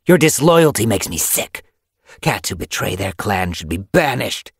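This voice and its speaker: A man's voice: on the low side, big pitch swings, measured pace, a little hiss or hum, heavily acted. A man voicing an old, spiteful she-cat spirit in an audiobook, sneering and snarling. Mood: sneering, scolding. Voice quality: sneering, snarling, later croaking. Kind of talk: audiobook character voice.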